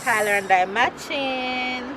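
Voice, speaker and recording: A woman's voice: high-pitched, slow. A young woman from Jamaica chatting casually to her vlog viewers and cooing at her baby. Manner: chatty, laughs often, coos at her baby. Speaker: vlogger. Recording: roomy echo, faint background noise.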